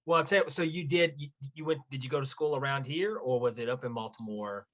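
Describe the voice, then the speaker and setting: A man's voice: mid-range voice, quick pace, fairly bright tone, rough recording. A man hosting a casual podcast, asking his guest questions in an eager, friendly way. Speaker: podcast host.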